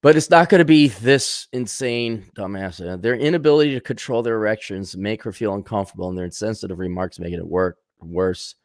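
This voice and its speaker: Casting: lower-voiced man ranting, sarcastic and blunt, dry close sound. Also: fairly quick, few pauses, dry recording. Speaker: commentator. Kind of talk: ranting commentary.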